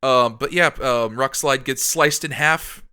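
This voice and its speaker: Bright smooth-voiced man chatting about comics. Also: medium pitch, measured pace. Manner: rambling, many ums and likes, upbeat. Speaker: podcast co-host. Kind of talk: casual comic recap chat.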